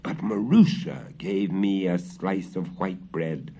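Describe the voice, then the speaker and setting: A thin, bitter guard dog grumbles his complaint in a low growl, as a man reads him. The tone is dark and husky. The recording is dull and lo-fi. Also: takes it slowly, exaggerated voice. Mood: resentful. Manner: growling resentful.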